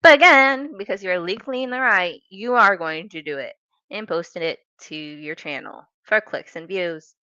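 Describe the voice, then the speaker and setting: A woman reacting to clips with a sassy, mocking, emphatic manner. Her voice is bright and forward, recorded dry with a slightly dull, lo-fi sound. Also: fairly low pitch, moderate pace, dry recording. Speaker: commentary youtuber. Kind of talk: reaction commentary.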